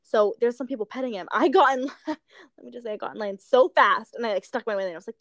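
A woman's voice: a little high, fast talker, no echo, studio quality. A young woman co-hosting a podcast, chatting casually and telling stories with lots of giggling, sounding tired late at night. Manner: giggly, excitable storyteller. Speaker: podcast co-host. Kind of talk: casual chat.

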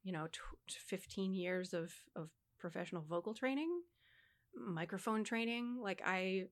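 A woman's voice: mid-range voice, animated, a little slow. Woman co-host explaining stuff like a voice teacher, frank, chatty. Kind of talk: casual conversation.

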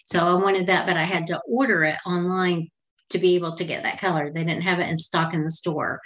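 A middle-aged woman with a slightly low voice recounts a personal story. She talks in a chatty, meandering and heartfelt way, like a podcast host speaking straight to her listeners. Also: steady tone, brisk, fairly bright tone.

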